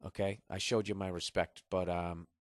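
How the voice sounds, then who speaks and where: A man's voice: deep voice, flat delivery, normal speed, no echo, clean studio sound. Profane, riffing man. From Massachusetts, USA. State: jet-lagged. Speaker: podcast host, comedian. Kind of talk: rambling comedic monologue. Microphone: podcast studio mic.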